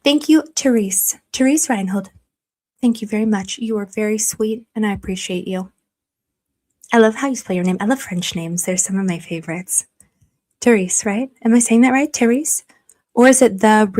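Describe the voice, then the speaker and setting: A woman's voice: medium pitch, moderate pace, darkish tone. Female streamer, casual chat to viewers; emotional, gushing, rambling delivery. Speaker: livestream host.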